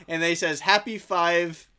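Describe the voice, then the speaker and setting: A man's voice: fairly high pitch, steady tone, a little slow, pushed and bright, clean tone. A young man co-hosting a podcast in casual chat, upbeat and chatty, laughing often. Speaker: podcast co-host.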